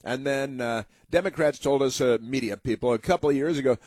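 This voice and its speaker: A man's voice: mid-range voice, a little fast, darkish tone, husky, no room sound. Rambling American man, dry close mic. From United States. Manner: rambling, many fillers and restarts, mocking. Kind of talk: casual political commentary monologue.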